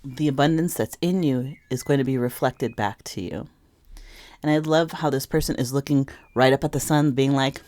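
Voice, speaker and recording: A woman's voice: rumbling low, normal speed, darkish tone. A woman giving a casual tarot reading to camera, rambling and emotional, often correcting herself mid-sentence. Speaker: tarot reader.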